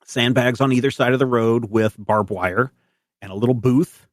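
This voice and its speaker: A man's voice: mid-range voice, normal speed, no echo, studio quality. A man narrating a tabletop game as game master in a loose, rambling way.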